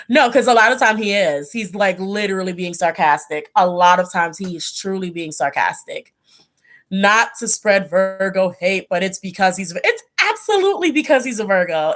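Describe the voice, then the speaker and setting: Casual livestream host, woman, animated and chatty, mid-range voice. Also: medium pitch. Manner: animated, laughing, chatty storytelling. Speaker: tarot channel host.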